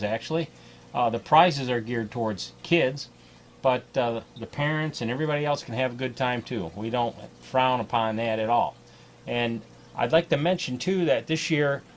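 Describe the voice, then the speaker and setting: A man's voice: medium pitch, slight background noise. An American man hosting a kids' fly fishing show, talking casually to camera in a chatty, folksy way with plenty of ums and restarts. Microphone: TV studio microphone.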